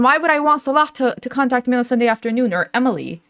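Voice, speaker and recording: A woman's voice: fairly high pitch, lively intonation, rapid-fire, fairly bright tone, no echo, clean studio sound. A young adult woman hosting a reaction channel, talking casually with lots of fillers and frequent laughs as she reads out chat messages.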